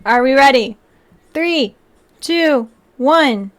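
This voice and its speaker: A woman's voice: a little high, lively intonation, unhurried. Giggly woman chatting on a livestream. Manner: chatty, giggly, answers chat. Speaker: livestream host building model kits. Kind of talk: casual livestream chat.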